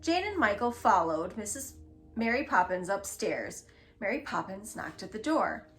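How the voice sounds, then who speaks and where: A woman reading a children's book aloud in a gentle, expressive storytelling manner. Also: mid-range voice, normal speed, faint music behind. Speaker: storybook reader.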